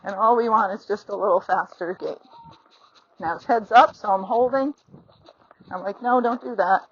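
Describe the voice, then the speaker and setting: A woman's voice: mid-range voice, normal speed, slightly rough. A middle-aged woman giving a riding lesson outdoors while on horseback, chatty and encouraging, talking into a phone mic. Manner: chatty and encouraging, acts out horse and rider thoughts. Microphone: phone mounted on the rider. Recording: slightly dull lo-fi sound.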